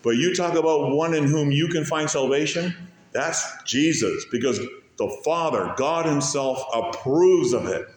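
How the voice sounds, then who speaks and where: In an echoey room, a male pastor delivers a sermon, climbing to loud peaks, dropping to soft low stretches, and drawing key phrases out slowly.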